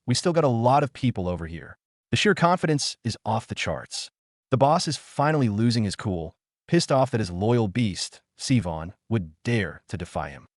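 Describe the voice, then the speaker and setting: A man with a low voice tells a dramatic story recap in a hyped way, his pitch swinging widely from line to line. He drops in casual asides to the listener, and the sound is dry and close. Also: no room sound. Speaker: recap narrator.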